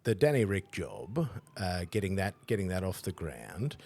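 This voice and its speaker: An Australian man hosting a casual podcast interview, matey and full of slang. His voice is very deep with a husky edge, yet it swings up and down with plenty of life. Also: big pitch swings, moderate pace, few pauses, a little mellow, no echo. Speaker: podcast host. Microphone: home setup, wired connection.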